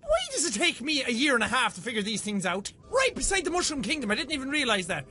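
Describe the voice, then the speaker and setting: A very high-voiced man chatting through a game session, his pitch leaping all over the place. His tone is bright and sharp, and he swears and yelps at every scare. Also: fast. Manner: excitable, swears freely, yelps when startled. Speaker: let's play gamer. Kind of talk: casual gameplay commentary.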